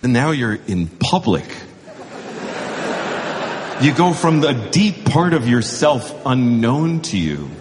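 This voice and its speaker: Brief: male stand-up with a lively, swinging pitch, long reverb and noise in the recording. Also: slow, long pauses. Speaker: stand-up comedian. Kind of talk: stand-up routine. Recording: reverberant noisy club recording.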